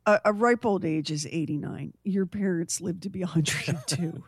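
A female radio co-host who teases her partner and cuts in quickly. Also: fairly low pitch, breathy edge, dry recording, studio quality. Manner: teasing, quick to interject. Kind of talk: morning radio talk.

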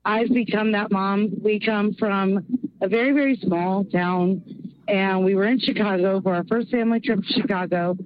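A woman's voice: medium pitch, steady tone, normal speed, dry recording. A woman from Oklahoma with a light Midwestern accent leaves a rambling, self-mocking voicemail. The sound is thin and tinny, as if played over a phone line. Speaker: caller. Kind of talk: voicemail message.

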